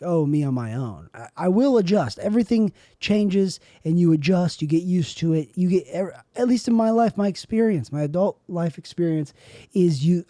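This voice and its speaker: Candid young man with a dark voice. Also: a little high, no room sound, clean studio sound. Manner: candid, rambling, self-deprecating. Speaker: podcast host and comedian. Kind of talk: solo podcast monologue.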